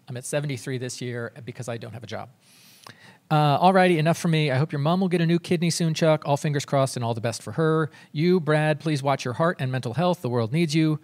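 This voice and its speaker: A man's voice: on the high side, a little fast, darkish tone. Man reading a listener email aloud.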